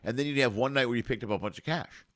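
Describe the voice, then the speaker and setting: A man's voice: medium pitch, racing, a bit bright, dry recording, clean studio sound. A middle-aged man who works as a comedian, telling rambling road stories in casual chat and swearing freely. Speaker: comedian guest.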